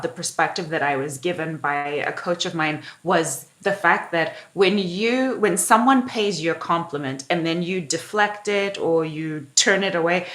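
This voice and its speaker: A woman's voice: fairly low pitch, a bit bright. A woman hosting a casual group video call, speaking in a reflective way. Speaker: group host.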